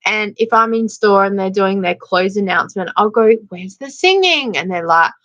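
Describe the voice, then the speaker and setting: An Australian woman hosting a casual live chat, chatty and quick to laugh, reading out viewer comments. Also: medium pitch, steady tone, a bit bright, muffled recording. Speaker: livestream host.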